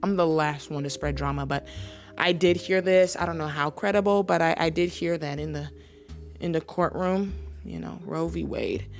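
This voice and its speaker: Female host, mock-serious sarcastic rant, slightly low voice, faint music bed. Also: moderate pace, creaky. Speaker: basketball commentary channel host.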